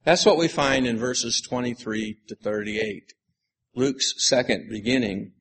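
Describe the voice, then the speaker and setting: Gravelly-voiced man preaching a sermon. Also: medium pitch, a bit bright, a little hiss or hum. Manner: measured, earnest, slows for emphasis. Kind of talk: sermon on scripture.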